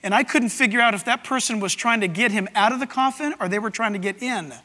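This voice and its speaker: A man preaching a sermon as pastor, animated and breaking into shouts to act out scripture. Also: high-pitched, fast talker. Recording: long reverb of a large hall.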